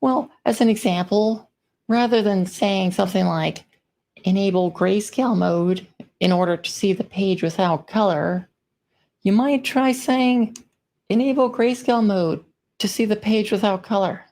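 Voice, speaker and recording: A woman's voice: mid-range voice, unhurried, darkish tone. A woman giving a presentation on plain writing, in a friendly, informal way, reading out example sentences. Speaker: conference speaker.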